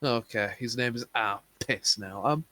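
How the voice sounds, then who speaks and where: A man's voice: mid-range voice, a little slow, pushed and bright, no echo. A man playing in a tabletop game, chatting casually in a dry, matter-of-fact way. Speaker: player. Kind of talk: casual tabletop gaming chat.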